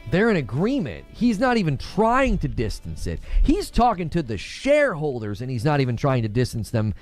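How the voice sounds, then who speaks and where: A man's voice: on the high side, wildly swooping pitch, normal speed, soft background music. A man giving an opinionated monologue to his viewers in a lecturing tone, repeating his points. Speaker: online video commentator.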